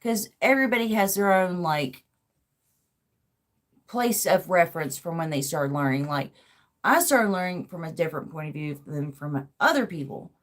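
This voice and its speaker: A woman's voice: on the low side, lively intonation, normal speed. A woman, chatting casually as a podcast host, rambling and swearing freely with lots of "like". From American South. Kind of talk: casual chat.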